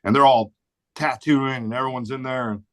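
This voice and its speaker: A man's voice: medium pitch, steady tone, brisk, a bit bright, dry recording. A man in his forties from the St. Louis area, a podcast guest telling stories in a blunt, laid-back way full of swearing and "dude". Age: 40s. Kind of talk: casual storytelling chat.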